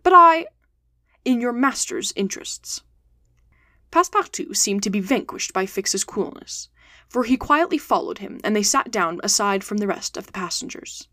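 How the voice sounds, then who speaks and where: A woman narrates a classic novel aloud in a steady, clear audiobook manner. Her voice sits at a middle pitch, and the recording is close and dry with no room echo. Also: moderate pace. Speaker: podcast host reading aloud.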